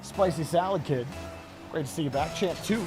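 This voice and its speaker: A man's voice: a little high, normal speed, music in the background. A man casting a live video game match, chatting and giving play-by-play. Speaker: esports caster. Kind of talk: live game commentary and chat.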